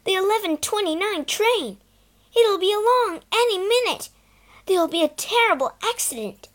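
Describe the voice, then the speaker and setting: Woman doing a bossy teasing boy, excitable, lively pitch, storybook. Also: a little slow. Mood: eager bossy. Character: bold teasing boy, the older brother.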